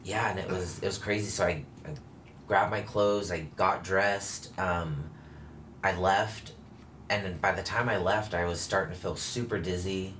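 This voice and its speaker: A man with a very deep, low voice talks through a personal story in loose, candid conversation, circling back and correcting himself as he goes. A faint hiss sits under the recording. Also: fairly even intonation, moderate pace, fairly bright tone. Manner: rambling, self-correcting storytelling with frequent fillers. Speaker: guest telling his story.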